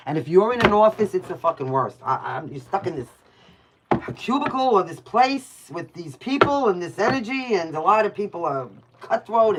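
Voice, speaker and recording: A woman's voice: lowish voice, noisy background. A woman with a New York accent giving casual, blunt tarot readings on a livestream, chatting with viewers by name and swearing freely. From Brooklyn, New York.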